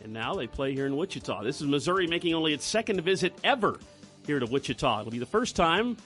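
A man's voice: a little high, big pitch swings, fairly bright tone, faint music behind. A man co-hosting morning radio, trading dry quips and then reading a sports report. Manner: dry, matter-of-fact quips; reads sports news briskly. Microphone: studio microphone.

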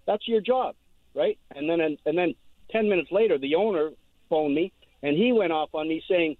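A man calling in to a radio show, telling his story quickly and rambling, often repeating words. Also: on the high side, no room sound. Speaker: caller. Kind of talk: phone-in storytelling. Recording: tinny dry phone line.

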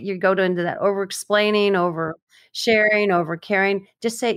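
Brief: woman, advice podcast co-host, brisk and explanatory, dry and close. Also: mid-range voice, fairly bright tone, no room sound. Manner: brisk, explanatory, playful wordplay. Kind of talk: casual advice chat.

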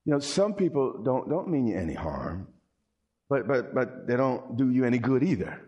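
Lively, animated male preacher. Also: medium pitch, normal speed, muffled recording. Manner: animated, playful, acts out quotes and jokes with the congregation. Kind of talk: sermon.

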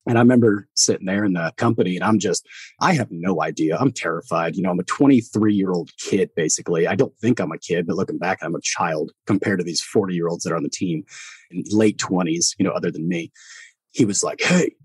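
Husky-voiced former soldier telling stories. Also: male voice, deep voice, brisk, dry recording. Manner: animated storyteller who acts out quoted voices and laughs often. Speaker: podcast guest, former Army Green Beret. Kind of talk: casual storytelling conversation.

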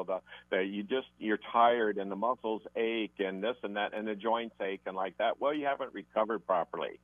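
A man with a fairly low voice gives fitness advice as a radio guest. He rambles through his points and keeps trailing off with "and like that". The sound is thin and phone-like, dry and close. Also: no room sound. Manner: rambling, fills with "and like that".

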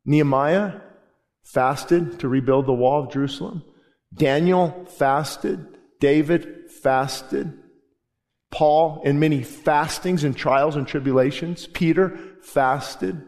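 A pastor preaches with fervent, emphatic drive, stacking repeated phrases for weight. His voice sits high for a man. The sound rings with the long reverb of a large church hall. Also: takes it slowly, darkish tone. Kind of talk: sermon. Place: church sanctuary.

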